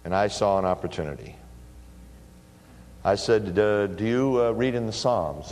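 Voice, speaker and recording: A middle-aged man preaching a sermon, telling stories with lively bursts of emphasis. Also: low voice, moderate pace. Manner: animated storytelling, bursts of emphasis. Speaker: pastor. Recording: long hall reverb.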